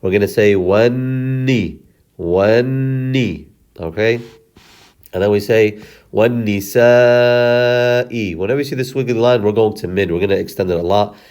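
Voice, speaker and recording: Guy teaching a reading lesson, kinda low voice, slows way down to sound out each syllable, corrects himself a lot. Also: a little mellow. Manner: patient, sounds out words syllable by syllable and repeats them slowly; self-correcting, apologetic asides.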